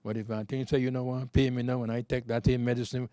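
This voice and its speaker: A man's voice: mid-range voice, little pitch movement, fast talker, dark tone, no echo. A very old man in his nineties speaks with a Belizean Creole accent, telling long, looping stories from his life. He repeats himself often and wanders loosely, in a close, dry recording. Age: 90s. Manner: loose, repetitive storytelling in Creole speech. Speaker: interview guest. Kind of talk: rambling life-story telling.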